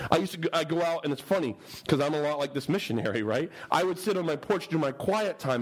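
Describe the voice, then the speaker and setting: A male preacher tells a story in a sermon, swinging his intonation widely in a slightly high voice. He is humorous and animated, often turning to his listeners with questions. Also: husky, low-quality recording.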